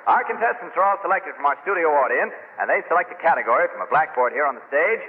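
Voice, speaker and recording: A man announcing a 1940s radio quiz show with a bright, polished announcer delivery. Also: on the high side, lively intonation, fast. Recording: tinny old radio broadcast.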